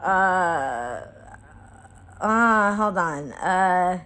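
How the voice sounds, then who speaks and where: A woman's voice: on the low side, lively intonation, extremely slow, pushed and bright. A woman in her twenties telling a casual storytime to her viewers, blunt and profane, laughing often and acting out her own lines. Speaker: vlogger.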